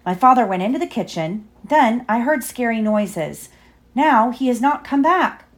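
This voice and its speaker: A woman voicing a frightened young male cat in a storybook, in a high excited voice. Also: moderate pace, close to an everyday voice. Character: young boy cat, scared, pleading.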